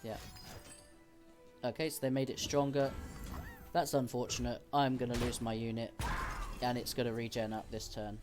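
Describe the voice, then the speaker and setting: A man's voice: mid-range voice, flat delivery, normal speed, music in the background. A man streaming a card game, explaining each decision as he thinks aloud. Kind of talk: casual gameplay commentary.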